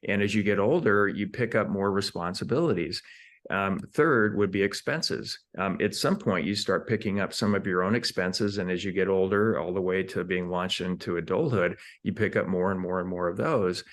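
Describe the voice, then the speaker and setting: Casting: deep-voiced male entrepreneur guest, methodical, lays things out point by point. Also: normal speed. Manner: explains in numbered steps, repeats words while thinking. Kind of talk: conversational interview.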